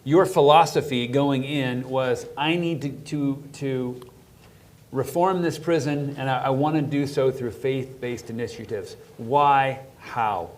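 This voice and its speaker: A man's voice: medium pitch, unhurried. A man hosting a conversational interview, asking guiding questions that prompt his guest to tell his story. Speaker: interview host.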